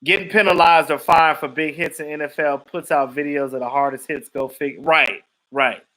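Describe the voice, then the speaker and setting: Animated high-voiced man chatting live. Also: moderate pace, low-quality recording. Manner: animated, laughs often, acts out quotes. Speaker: live stream host. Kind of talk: casual chat reacting to viewers.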